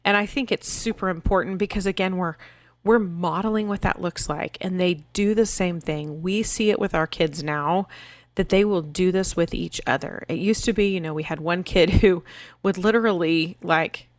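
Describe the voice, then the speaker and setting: A woman's voice: lowish voice, normal speed, dry recording. A woman in her thirties, co-hosting a podcast in casual, earnest parenting talk, telling stories and acting out her children's voices. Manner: earnest, storytelling, acts out her kids' voices. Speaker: podcast co-host.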